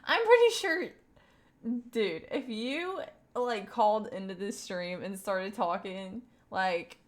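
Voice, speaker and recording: Chatting with her stream viewers and reading their messages, a young woman from Kentucky rambles casually, full of fillers and laughs, in a light Southern accent. She speaks slowly in a mid-range voice.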